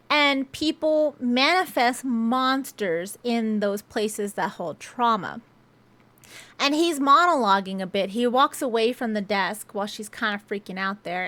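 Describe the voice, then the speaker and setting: A woman's voice: a little high, fairly bright tone. A young woman chattily recapping a film's plot with sarcastic asides, as a movie reviewer. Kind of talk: casual spoken film recap.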